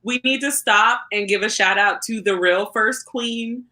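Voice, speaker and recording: An excitable woman chats on a livestream and reacts to viewer comments. Her voice sits high and sounds bright and sharp. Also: unhurried. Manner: excitable, reads chat comments aloud. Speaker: book club co-host. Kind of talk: casual livestream chat.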